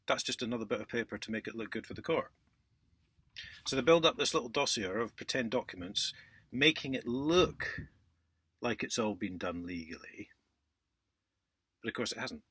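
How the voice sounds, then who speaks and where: A man vlogging in a casual, indignant monologue, sarcastic, with loud outbursts and muttered asides. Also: fairly low pitch, breathy edge, no echo. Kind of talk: casual ranting monologue to camera.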